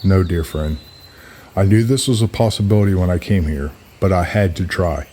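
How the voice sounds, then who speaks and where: A man's voice: low-pitched, moderate pace, dark tone. A man voicing a grieving dignified queen. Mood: resigned. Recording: clear music behind the voice.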